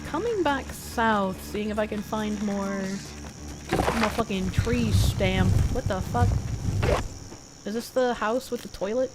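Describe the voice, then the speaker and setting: A woman game streamer chats casually while playing, talking to the game's characters and swearing offhandedly, with game music in the background. Her mid-range voice takes things slowly, and the recording is rough.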